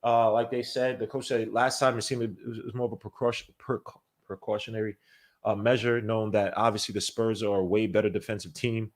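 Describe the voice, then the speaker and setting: A man hosting a live basketball watch-along podcast, chatting casually and animatedly, shouting out viewers by name. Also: on the low side, level tone, a little fast. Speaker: podcast host.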